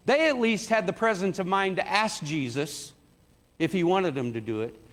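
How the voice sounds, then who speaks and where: With an expressive, fairly bright voice at normal speed, a preacher talks through his sermon conversationally and performs the quoted lines with rising pitch. It's recorded in a church sanctuary with hall reverb.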